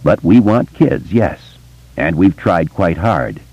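A man voicing a quiet, thoughtful grown man who speaks low and measured. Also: expressive, no echo, dull audio, heavily acted. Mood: earnest.

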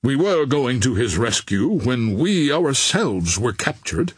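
A man's voice: mid-range voice, big pitch swings, takes it slowly, slightly rough, no echo, studio quality, full character voice. A man reading an audiobook voices a formal, agitated naval captain in a somewhat raised voice. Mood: grave. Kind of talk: audiobook character voice.

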